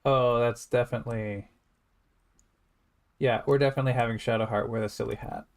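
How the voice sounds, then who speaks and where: Gravelly man musing over a game. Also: mid-range voice, fairly even intonation, a little fast. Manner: rambling, wry, thinking aloud. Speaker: gameplay streamer. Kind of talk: casual let's-play commentary.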